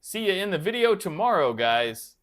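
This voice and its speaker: Chatty male livestream host: slightly high voice, very animated pitch, answers viewer comments on the fly, pokes fun at himself. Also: normal speed. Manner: self-deprecating and playful. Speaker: livestream host of a guitar channel. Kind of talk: casual live-chat banter.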